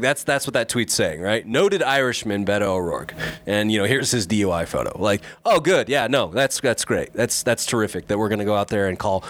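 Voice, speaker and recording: A man's voice: on the low side, a bit bright. A man co-hosting a casual podcast, ranting with sarcastic indignation. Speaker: podcast co-host.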